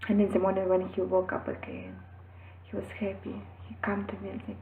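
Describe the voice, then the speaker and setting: A woman, a mother, earnestly telling her own story and giving parenting advice, acting out quotes with sudden loud and whispered shifts. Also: mid-range voice, completely flat delivery, fairly quick, a little hiss or hum. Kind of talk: personal advice vlog. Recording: echoey, phone-like audio.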